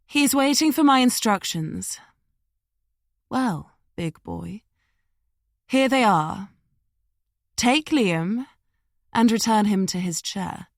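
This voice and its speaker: A woman voicing a breathy, sleepy-sounding woman who gives orders in a bored, condescending way. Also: mid-range voice, expressive, slow, pauses often, no room sound, studio quality. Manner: languid, condescending. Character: bored, sleepy woman giving orders over a walkie-talkie.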